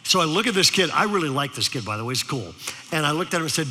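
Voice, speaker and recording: Speaking fast and very animatedly, a man delivers a sermon as pastor in a slightly high, sharp voice. His storytelling is dotted with repeated "okay?" checks to the audience, and the recording carries long hall reverb.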